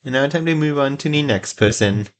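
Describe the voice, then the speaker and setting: Low-key man narrating gameplay. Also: expressive, fairly quick. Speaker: gameplay channel host. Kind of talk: casual gameplay commentary.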